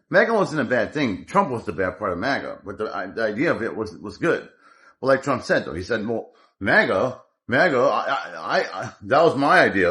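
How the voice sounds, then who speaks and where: A man's voice: medium pitch, a bit bright. A man giving an angry, profane political rant as a commentator, rambling with many restarts.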